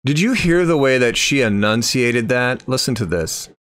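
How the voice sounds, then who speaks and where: A man's voice: medium pitch, animated, normal speed, fairly bright tone, smooth. A man commenting on a video clip, incredulous and critical, rambling and restarting his sentences.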